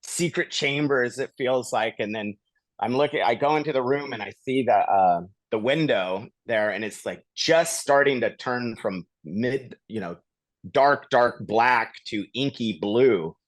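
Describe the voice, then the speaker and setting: A man with a middling voice tells a story in an easygoing podcast chat, animated and quick to laugh. His voice sits close to the mic in a dry, dead room. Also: mid-range voice, dry recording. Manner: animated retelling with laughs and acted-out quotes. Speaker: podcast host. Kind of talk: casual storytelling. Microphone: studio podcast mic.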